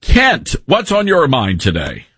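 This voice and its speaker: A man hosting a talk radio show, telling stories in a conversational, animated way with frequent restarts. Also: mid-range voice, slow pace, breathy edge, no room sound. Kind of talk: conservative talk radio monologue.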